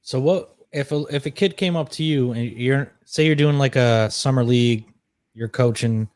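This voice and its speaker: A man co-hosting a casual podcast, posing questions with halting restarts. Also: mid-range voice, a little mellow, no room sound. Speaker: podcast co-host. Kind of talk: casual chat.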